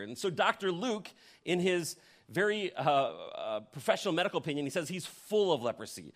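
Guy pastor preaching, kinda high voice, tells it like a story, gets loud then drops real quiet, asks the church stuff. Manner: vivid storytelling, swinging between loud emphasis and hushed near-whispers; addresses the congregation directly with questions. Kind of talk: sermon.

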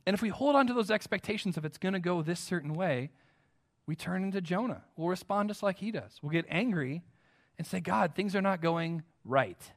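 A man with an American accent delivering a sermon in a fairly high voice. He preaches earnestly and with emphasis, often turning to his listeners with direct questions. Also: expressive, a little fast. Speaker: pastor.

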